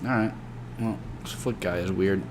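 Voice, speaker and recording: A man's voice: low-pitched, moderate pace, background noise. Swearing man chatting on stream. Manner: swears often, thinks out loud. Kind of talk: casual gameplay chat.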